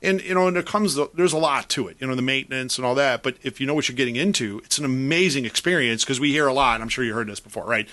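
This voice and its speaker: A man's voice: mid-range voice, fast talker, few pauses, sharp tone. A man with a Chicago accent, a yacht broker talking casually as a guest, rambling with many restarts. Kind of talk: casual radio talk.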